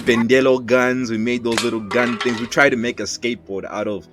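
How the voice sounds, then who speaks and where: A man telling a personal childhood story in a casual, lively way, acting out voices as he goes. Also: mid-range voice, fairly quick. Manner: lively, acts out voices in his anecdotes. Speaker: storyteller, animator. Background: background music.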